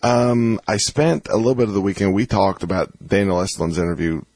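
A man's voice: lowish voice, a little fast, a little mellow, breathy edge, dry recording. A man hosting a talk radio show, rambling casually and restarting his sentences as he chats with his co-host. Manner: rambling, repeats phone numbers and restarts.

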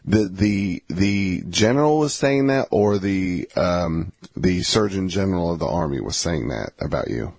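A man hosting an interview, cutting in with exclamations, quick questions and joking asides. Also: low-pitched, lively intonation, creaky, a little mellow, dry recording. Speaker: interviewer host. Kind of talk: interview conversation.

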